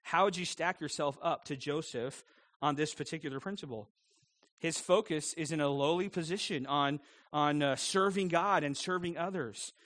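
A man's voice: a little high, moderate pace, fairly bright tone, dry recording. A man preaching a sermon as pastor, earnest, posing many rhetorical questions and chuckling often.

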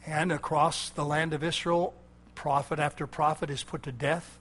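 A male preacher delivering a fiery sermon in a fairly high voice. He builds through repeated, hammering phrases and shouted lines, then drops to a low, grave intensity. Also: level tone, normal speed. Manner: impassioned, swinging from loud shouting to low intense tones; repetitive emphatic cadence.

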